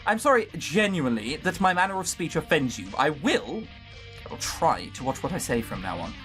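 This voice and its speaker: A man's voice: fairly high pitch, sing-song, fairly quick, a bit bright, soft background music. A man voicing a cold, snobbish rich male businessman in a visual novel, with formal, clipped diction. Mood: stiff.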